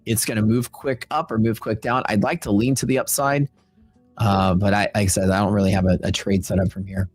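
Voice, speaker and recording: Low-voiced Texan man, laid-back chat. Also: little pitch movement, fairly quick, soft background music. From Texas. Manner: laid-back, rambling, filler-heavy. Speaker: trading stream host. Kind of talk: casual livestream chat.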